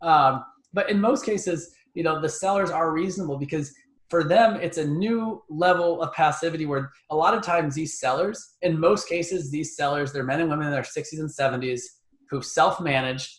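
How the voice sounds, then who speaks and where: A man's voice: fairly high pitch, normal speed. Man talking through stutters, echoey room. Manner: conversational, repeats words while thinking. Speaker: guest, real estate investor. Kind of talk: podcast interview.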